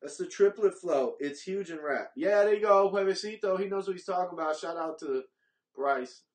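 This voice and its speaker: A man's voice: high-pitched, normal speed. A man co-hosting a casual sports watch-along podcast, joking and rambling in slangy banter. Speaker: podcast co-host.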